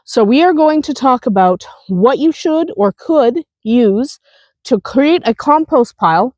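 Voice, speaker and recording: Woman, slightly high voice, has a cold, casual how-to chat, dry close sound. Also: expressive, a little slow, a little mellow, no echo. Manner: chatty, laughs, restarts often. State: has a cold, chewing a lozenge. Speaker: homestead channel host. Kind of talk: casual outdoor how-to talk. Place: outdoors by a compost pile.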